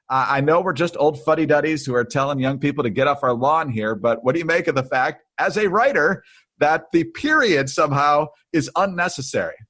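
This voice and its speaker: A man's voice: fairly high pitch, a bit bright, husky, no echo, clean studio sound. A man co-hosting a conservative political podcast, trading wry, easygoing banter with his co-host.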